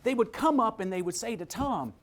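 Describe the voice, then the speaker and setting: Animated, excitable male storyteller. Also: high voice, a little fast, slight background noise. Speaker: guest. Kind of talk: storytelling in a webcast interview.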